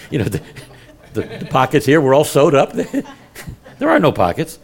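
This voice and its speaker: A male pastor with a drawl delivers a sermon, his pitch swinging up and down as he tells stories. He laughs easily at his own jokes and drives his points home with rising emphasis. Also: measured pace. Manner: animated storytelling preacher who laughs at his own jokes.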